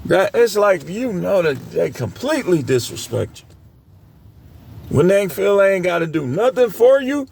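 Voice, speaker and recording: A man's voice: high-pitched, big pitch swings, a little slow, vocal fry, darkish tone, a little hiss or hum. A middle-aged man giving blunt, scolding dating commentary, lecturing his viewers in a preachy way. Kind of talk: ranting commentary to camera.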